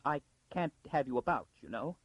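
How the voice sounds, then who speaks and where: A man voicing a frightened, frantic noblewoman who pleads urgently, with a gravelly, husky edge. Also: medium pitch, big pitch swings, moderate pace, poor audio. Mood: muttering.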